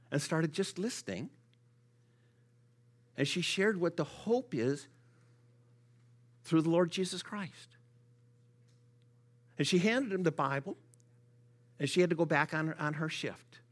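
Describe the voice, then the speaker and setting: A man delivers a sermon full of stories to a church gathering. His voice sits a bit high and swings widely in pitch as he talks. He often stumbles into repeated words as he builds up a story. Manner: repeats words when excited. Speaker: church speaker for the Gideons.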